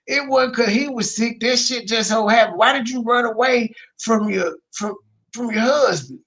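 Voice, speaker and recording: A man talks over a clip in a reaction commentary, blunt and openly mocking, with rhetorical questions piling up. His voice sits high for a man and has a gravelly, creaky edge. He swears freely as he picks apart what he hears. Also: normal speed, fairly bright tone. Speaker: commentary host reacting to a livestream.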